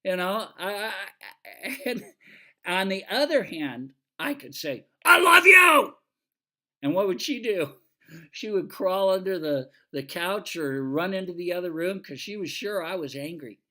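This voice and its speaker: A man's voice: sits high, expressive, moderate pace. An older man, a retired fire engineer, giving a casual lecture full of folksy stories and fillers. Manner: folksy, anecdotal, with many fillers.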